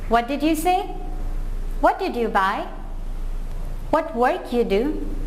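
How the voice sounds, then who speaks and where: A woman teaching English, reading example questions and answers aloud slowly and carefully, one sentence at a time. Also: high-pitched, big pitch swings. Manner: slow, careful drill reading. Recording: echoey room with faint ambient noise.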